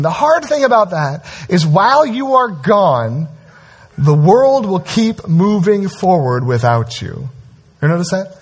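A man preaching a sermon as pastor, animated and conversational, with frequent asides to the congregation. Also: high voice, normal speed, breathy edge.

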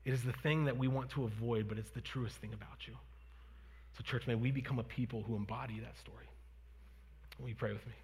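Male pastor, 30s, earnest and conversational sermon, husky edge, long church-hall reverb. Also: mid-range voice, steady tone, brisk, a little mellow. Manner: earnest, conversational, with fillers and restarts. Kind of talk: sermon and prayer. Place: church sanctuary.

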